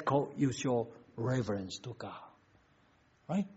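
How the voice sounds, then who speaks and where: Husky man preaching emphatically. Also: medium pitch, expressive, measured pace. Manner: emphatic preaching with rhetorical questions, non-native phrasing. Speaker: pastor. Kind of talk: sermon. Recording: dull lo-fi recording.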